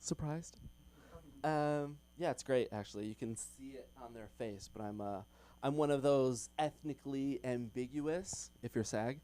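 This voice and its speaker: A man's voice: medium pitch, measured pace, dark tone. A young man doing open mic stand-up in a comedy club, chatty with lots of ums and little laughs.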